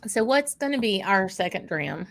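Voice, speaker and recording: A woman's voice: mid-range voice, very animated, normal speed, vocal fry, a bit bright, slight background noise. A woman hosting a casual livestream chat, talking in a rambling way with many fillers. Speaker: host.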